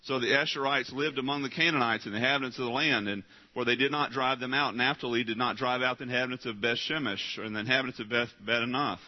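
A man preaching a sermon, reading scripture and driving his points home, alternating loud rising pleas with quiet, low asides. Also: fairly even intonation, fast, hardly any pauses, muffled recording. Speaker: pastor.

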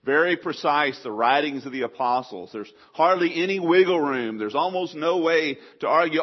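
A middle-aged male pastor preaching a sermon, animated, with sudden loud acted outbursts. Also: a little high, normal speed, hardly any pauses. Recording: slightly dull lo-fi sound.

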